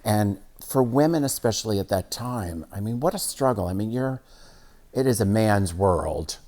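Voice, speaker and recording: Very deep-voiced chatty woman host. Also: animated, normal speed, dark tone. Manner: chatty, laughs often, reads quotes aloud. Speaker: talk show host. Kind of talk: casual interview chat.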